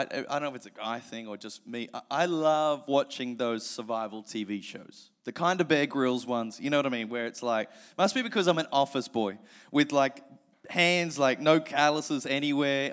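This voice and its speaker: A man's voice: medium pitch, a bit bright. A man with an Australian accent preaching at a church service. He reads scripture earnestly and slips into chatty, self-mocking asides. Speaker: pastor. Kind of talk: sermon with scripture reading and prayer.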